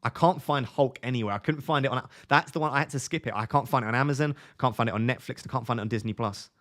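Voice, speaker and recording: Young male streamer, mid-pitched, casual and chatty, answers live chat. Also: quick pace, fairly bright tone. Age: 20s. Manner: chatty, reads viewer comments aloud and answers them.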